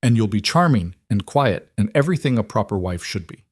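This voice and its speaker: A man's voice: on the low side, animated, a little fast, darkish tone, dry recording, clean studio sound. A man voicing a cold, controlling aristocratic matriarch with an icy, commanding manner.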